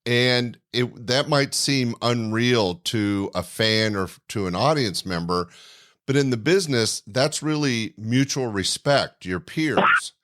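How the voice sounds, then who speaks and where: A man's voice: medium pitch, takes it slowly, fairly bright tone. A man hosting an interview podcast who asks questions and stops to explain points to his audience at length. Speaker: podcast host.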